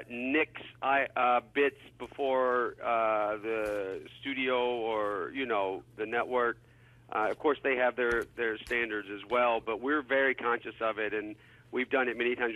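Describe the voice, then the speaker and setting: A man calling in as a guest, answering questions in a relaxed, rambling way with lots of fillers. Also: medium pitch. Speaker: guest on phone. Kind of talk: phone interview. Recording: tinny phone line.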